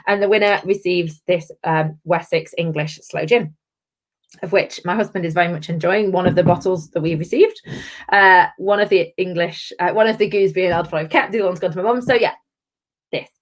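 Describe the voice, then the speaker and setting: A woman's voice: lowish voice, brisk. A woman hosting a chatty live-stream gin review from home, effusive and talking straight to her viewers by name. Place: at home, with her children wandering in.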